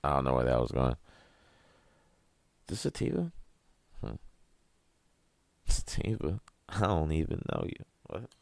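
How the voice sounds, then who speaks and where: Very deep, gravelly-voiced man ranting. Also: wildly swooping pitch, a little slow, pauses often, a little mellow, dry recording. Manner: profane, rambling, laughing at his own jokes. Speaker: podcast host. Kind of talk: casual ranting monologue.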